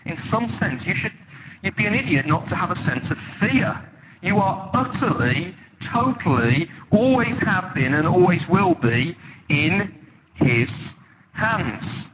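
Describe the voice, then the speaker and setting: A man preaching a sermon in a church, conversational and animated, telling stories with sudden dramatic emphasis. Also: high-pitched, measured pace. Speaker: pastor. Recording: dull, lo-fi with loud background noise.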